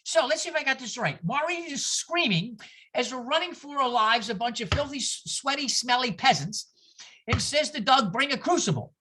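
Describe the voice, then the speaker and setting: A woman giving a lively, sarcastic talk, acting out voices with exaggerated outbursts as she teaches. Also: high voice, moderate pace, slightly rough. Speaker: speaker giving a talk on scripture. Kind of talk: lively lecture.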